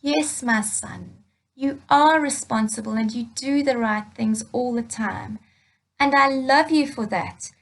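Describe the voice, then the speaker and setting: A woman voicing a loving father in a children's Bible story, fussing excitedly over a son who has come home. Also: extremely high pitch, slow pace, voice pushed up, heavily acted, low-quality recording. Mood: tender.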